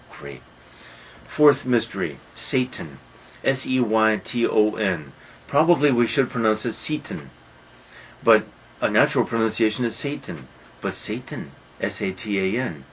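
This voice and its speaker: A man with a lowish voice lectures on a play in a musing, emphatic way. He slows down and drops to a soft, low delivery when he reads quoted passages. A faint hiss runs under his voice. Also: expressive, low-quality recording. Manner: musing, emphatic, reads quotations slowly and softly. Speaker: literature lecturer.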